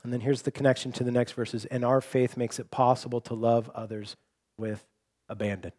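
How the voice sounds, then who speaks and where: A man's voice: medium pitch, little pitch movement, a little fast, a little mellow. A young adult man preaching a sermon, earnest and personal, often restarting with repeated words. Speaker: pastor.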